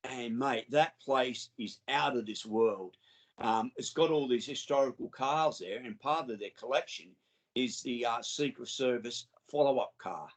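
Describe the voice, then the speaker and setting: A man's voice: medium pitch, a little slow, poor audio. An Australian man, a guest on an interview show, telling enthusiastic, rambling stories with many restarts. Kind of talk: casual interview storytelling.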